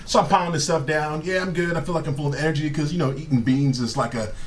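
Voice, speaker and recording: A middle-aged man telling comic stories on a live show, animated and profane, often breaking into laughter. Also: fairly high pitch, fast, slight background noise. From Southern California. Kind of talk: casual comedic storytelling. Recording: live stream with faint ambience.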